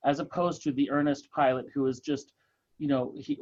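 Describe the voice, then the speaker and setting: A man leads a relaxed church book group, thinking aloud with fillers and restarts. His voice sits at an ordinary pitch. The sound is dull and lo-fi, like an online call. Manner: thoughtful, halting, with many fillers and restarts. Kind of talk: casual group discussion.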